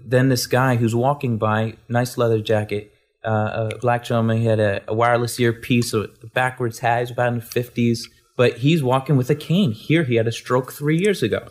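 A man, a guest, telling a faith testimony in an animated, storytelling way, repeating words and acting out the people he quotes. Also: medium pitch, moderate pace.

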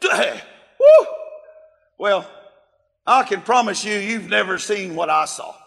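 A middle-aged man preaching a sermon, telling a story with fervent emphasis and bursts of shouting. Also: sits high, normal speed, vocal fry. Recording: long hall reverb.

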